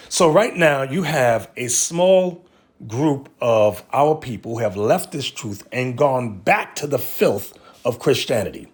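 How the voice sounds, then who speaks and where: A man's voice: mid-range voice, animated, slow, slightly rough. A man giving a sermon, reading a document aloud and breaking off to address his listeners directly with emphatic commentary. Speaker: religious teacher.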